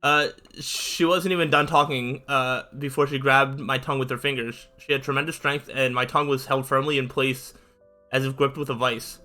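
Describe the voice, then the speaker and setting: A man's voice: mid-range voice, steady tone, moderate pace, bright, forceful tone. A man reading a visual novel aloud in a casual way, with fillers and side comments. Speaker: channel host reading aloud.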